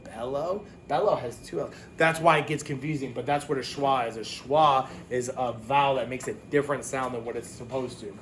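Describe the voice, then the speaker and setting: A man teaching a phonics lesson to young children, talking casually, with quick asides and self-corrections. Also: medium pitch, a bit bright, a little hiss or hum.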